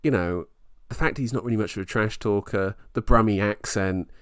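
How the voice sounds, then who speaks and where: Excitable low-voiced man chatting fights. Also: normal speed, smooth, no room sound, clean studio sound. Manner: excitable, rambling, animated retelling. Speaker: podcast co-host. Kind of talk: casual sports chat.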